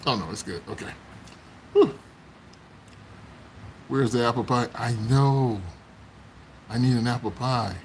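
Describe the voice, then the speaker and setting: Laughing often as he recalls his childhood, a man chats with viewers during a phone live-stream from his home. He speaks unhurriedly in a mid-range voice with long pauses, and the low-quality audio has a little hiss or hum.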